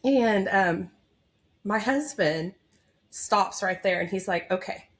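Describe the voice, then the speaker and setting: Here a thirties-aged labor and delivery nurse guests on a podcast, recounting a personal, emotional story during the interview. Her medium-pitched voice is expressive and slow, and her telling is open and heartfelt with frequent fillers.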